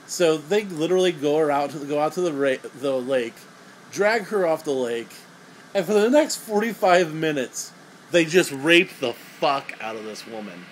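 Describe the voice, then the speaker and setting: A man's voice: on the high side, lively intonation, normal speed, a little hiss or hum, poor audio. A young man giving a crude, sarcastic, rambling comedic movie review.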